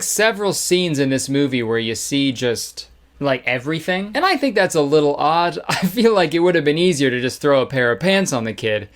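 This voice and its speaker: Joking man doing movie commentary. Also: on the high side. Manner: irreverent, joking, laughs often. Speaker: commentary host.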